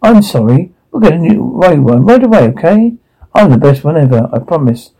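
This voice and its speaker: A man's voice: a little high, sing-song, normal speed, gravelly, dark tone, slightly rough, full character voice, poor audio. A man voicing a remorseful father who pleads and apologizes to his family. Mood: soothing.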